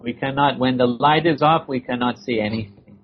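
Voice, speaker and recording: Husky male lecturer, paced phrases. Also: medium pitch. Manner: measured, explanatory, rhetorical questions. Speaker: spiritual lecturer. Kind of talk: sermon in short phrases paused for interpretation. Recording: dull lo-fi recording.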